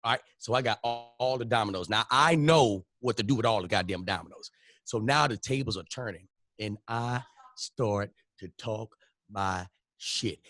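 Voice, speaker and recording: A man with a Louisiana accent on a podcast, telling a profane, lively story and acting out every quote. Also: fairly low pitch, moderate pace, dry recording, studio quality. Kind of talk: animated comedic storytelling.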